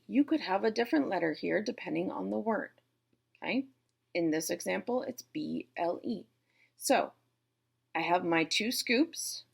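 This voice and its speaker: A woman teacher from Boston, speaking with the local accent, gives a step-by-step classroom lesson on syllable types. Her fairly high voice is creaky and slightly rough, and she's playful as she talks straight to her viewers.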